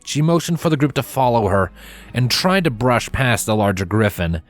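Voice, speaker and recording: A man narrating a fanfiction chapter aloud in steady, expressive storytelling. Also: medium pitch, normal speed, soft background music. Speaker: fanfiction reader. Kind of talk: scripted narration.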